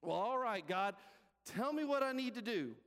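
A man voicing a panicked man dangling from a cliff edge, yelling frantically for help in a sermon illustration. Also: very high voice, lively intonation, normal speed, long reverb tail, voice pushed up, full character voice. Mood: pleading.

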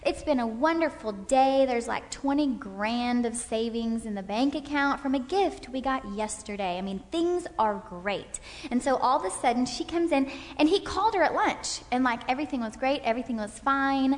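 Woman, high voice, animated class leader acting out examples, reverberant hall. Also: normal speed. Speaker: speaker leading a parenting class. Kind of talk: interactive faith-based lecture with volunteers. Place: stage in a large hall. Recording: hall reverb from a stage talk.

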